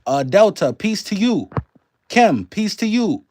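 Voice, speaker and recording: Hosting a casual live stream, this man mixes New Orleans and Canadian accents, cursing freely and calling out viewers by name. He sounds high-pitched, very animated, slow and a little mellow, with a touch of hiss or hum.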